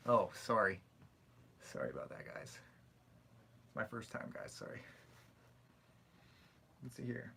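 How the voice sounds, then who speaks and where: A man's voice: on the low side, a little slow, creaky, pauses often, slight background noise. A young man with a Canadian accent, hosting a casual livestream and chatting, joking and reading comments aloud. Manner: chatty, joking, animated when telling stories. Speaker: livestream host.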